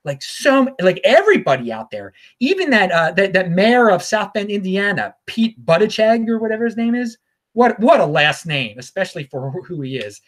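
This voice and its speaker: A man hosts his own talk show alone. He rambles and stammers, doubling his words and chuckling between thoughts. His voice rises and falls in a lively, animated way. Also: high voice, moderate pace. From Baltimore, USA. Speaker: show host. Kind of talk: casual solo commentary.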